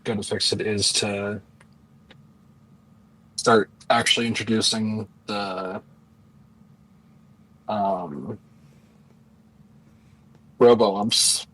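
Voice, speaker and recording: A man's voice: fairly low pitch, steady tone, drawn-out words, pauses often, fairly bright tone, slightly rough, low-quality recording. A man co-hosting a casual sports podcast, arguing his point bluntly. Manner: argumentative, blunt. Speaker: podcast co-host. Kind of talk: casual chat.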